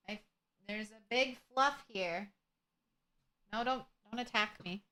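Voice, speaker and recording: Slow, bright-voiced woman streamer. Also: mid-range voice. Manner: playful, joking asides and chatter to her cat. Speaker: game streamer. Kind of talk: casual livestream chat while gaming.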